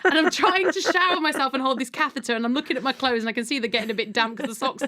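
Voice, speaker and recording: A woman in her thirties, a podcast guest, telling a candid personal story in a lively, self-deprecating way and acting out what people said. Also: high-pitched, very fast. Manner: animated, acts out quoted speech, self-deprecating humour. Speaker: podcast guest, radio and TV presenter.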